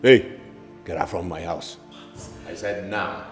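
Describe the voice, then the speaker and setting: An actor playing a furious, scornful middle-aged father with a Nigerian accent, shouting insults in a film drama. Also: sits low, slow. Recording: reverberant room with background music.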